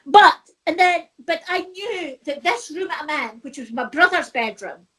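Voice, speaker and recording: A woman's voice: very high-pitched, animated, moderate pace, fairly bright tone. A middle-aged Scottish woman, a spiritual medium, telling her own story in a heartfelt, rambling way with many restarts. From Scotland. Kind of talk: personal storytelling.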